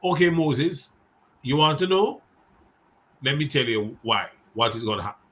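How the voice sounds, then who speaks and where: A man's voice: mid-range voice, lively intonation, normal speed, fairly bright tone, dull audio, close to an everyday voice. A man voicing God as a stern, fed-up deity in a blunt, dismissive tone while teaching a Bible class. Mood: exasperated.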